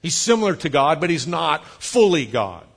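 A pastor preaching a sermon, explaining patiently, spelling out words, with light jokes for the congregation. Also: male voice, on the high side, very animated, normal speed, creaky, husky. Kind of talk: sermon teaching.

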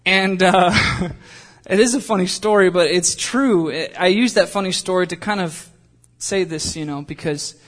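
A man's voice: sits high, a little slow, fairly bright tone. A young adult man preaching as a pastor, talking conversationally with jokes and personal asides. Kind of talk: sermon.

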